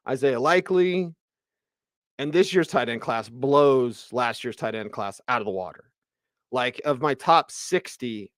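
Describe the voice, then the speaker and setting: A man hosting sports radio, ranting in an animated, emphatic way about football. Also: fairly high pitch, clean tone, no room sound, studio quality.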